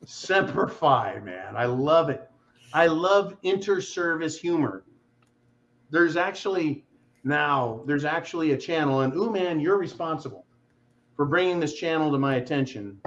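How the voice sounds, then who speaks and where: A man hosting a casual livestream chat, joking loudly and swearing freely. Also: on the high side, expressive, unhurried, dull audio. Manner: profane, joking, boisterous. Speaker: host.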